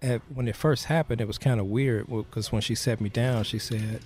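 A man being interviewed, recounting a personal story in a halting way, full of "you know" fillers. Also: medium pitch, fairly even intonation, a little mellow. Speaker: interview guest.

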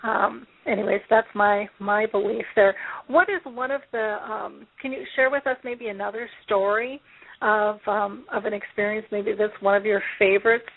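A woman's voice: medium pitch, steady tone, normal speed. A woman hosting an interview, chatty and musing aloud with many fillers. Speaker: host. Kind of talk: casual interview. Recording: tinny phone line.

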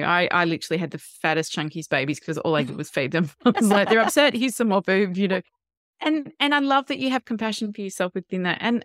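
A woman in her thirties, a parenting guest, explaining ideas in a measured and reflective way. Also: fairly high pitch, no room sound, clean studio sound. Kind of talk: interview answers.

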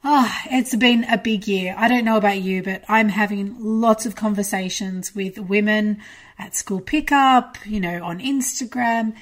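A middle-aged woman hosts her podcast in a chatty, encouraging tone. Her voice is hoarse from a cold. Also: medium pitch, measured pace. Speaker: podcast host and marketing coach. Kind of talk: casual podcast talk.

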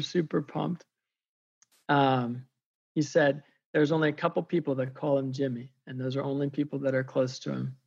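A man sharing a faith story as an excitable, chatty storyteller, with many fillers. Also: medium pitch, highs cut off. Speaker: faith coach. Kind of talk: animated storytelling testimony.

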